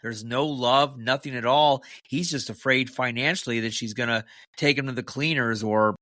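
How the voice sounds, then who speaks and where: A man co-hosting a movie podcast, talking in a casual, animated and incredulous way. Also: mid-range voice, moderate pace, dry recording. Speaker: podcast co-host.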